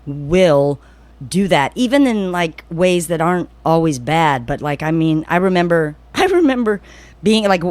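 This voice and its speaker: A woman's voice: sits low, no echo. A woman co-hosting a podcast in casual chat, chatty and self-deprecating, a self-described over-explainer. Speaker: podcast co-host.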